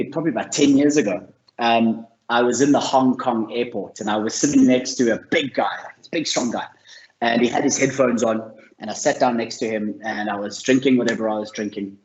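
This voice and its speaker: A man presenting a mental health course, telling stories in an earnest, encouraging way. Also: medium pitch. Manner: earnest, storytelling, warm and encouraging. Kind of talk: motivational talk to camera. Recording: roomy, slightly dull sound.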